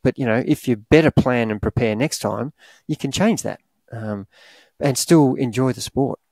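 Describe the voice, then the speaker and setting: A middle-aged Australian man talks athletes through their mindset in a loose, encouraging way, often restarting his sentences. His voice sits at an ordinary pitch. The recording is dry and close. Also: moderate pace, vocal fry, a little mellow, dry recording. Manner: rambling, encouraging, many restarts and "you know". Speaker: triathlon coach, podcast co-host. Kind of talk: casual podcast advice.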